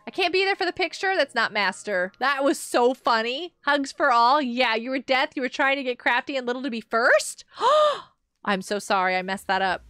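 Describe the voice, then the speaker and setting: High, lively woman streaming a game. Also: normal speed, clear, resonant tone, dry recording, studio quality, faint music behind. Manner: excitable, gasping and laughing often. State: sleepy, yawning. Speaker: gaming livestreamer. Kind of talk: casual live gameplay chat.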